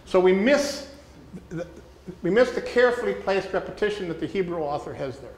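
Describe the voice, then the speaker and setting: A man teaching a small group how to read scripture closely, speaking deliberately and repeating key words for emphasis while asking the room questions. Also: sits high, expressive, slight background noise. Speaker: teacher leading a workshop for pastors. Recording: echoey room with faint ambience.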